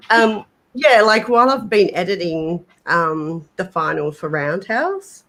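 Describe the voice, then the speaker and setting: A woman co-hosts a casual livestream, chatting in a low voice. She talks slowly and hesitantly, with plenty of fillers and restarts. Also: big pitch swings, fairly bright tone. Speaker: paranormal channel co-host.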